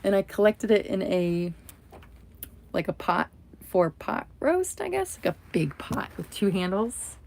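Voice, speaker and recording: A woman's voice: mid-range voice, big pitch swings, unhurried, gravelly, a little mellow, a little hiss or hum. A woman hosting a casual livestream from home, telling a rambling story full of asides. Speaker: livestream host.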